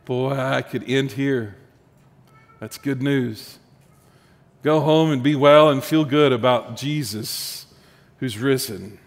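A male pastor preaching a sermon, telling a story with rising emphasis and then dropping soft and low. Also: slow, long pauses, long reverb tail.

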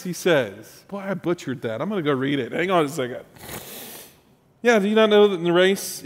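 A man's voice: sits high, a little fast, in a large hall. A man from the United States preaching a sermon, conversational and joking, teasing his congregation. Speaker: pastor.

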